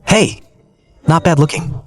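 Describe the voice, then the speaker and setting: A man's voice: on the high side, measured pace, close to an everyday voice. An actor playing a crude male harasser at a party in a dubbed drama, sleazy and menacing.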